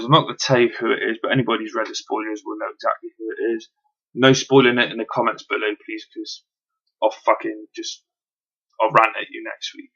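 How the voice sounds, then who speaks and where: A man talks through a wrestling show in a loose, rambling way, dropping ums and the occasional curse. His voice has a gravelly edge and sits at an ordinary pitch. The recording is a dull, lo-fi home setup. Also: fairly bright tone. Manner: chatty, frequent ums, occasional swearing. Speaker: wrestling reviewer. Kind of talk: casual spoken review.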